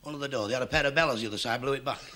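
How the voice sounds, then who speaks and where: A man's voice: medium pitch, very fast, heavy background noise. A man telling short stand-up jokes, acting out the lines of the people in them. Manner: short punchy one-liner jokes with quoted voices. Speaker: stand-up comedian.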